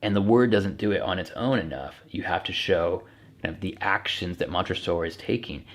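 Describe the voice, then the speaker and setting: A man, a young adult, explaining a text like a teacher in a casual, relaxed way, thinking aloud as he goes. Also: low-pitched, moderate pace. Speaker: English teacher. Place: home.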